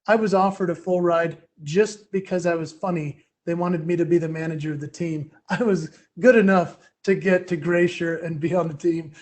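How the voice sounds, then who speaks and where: A man giving a keynote talk, telling a story in a lively, chatty, self-deprecating way. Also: high-pitched. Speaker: keynote speaker.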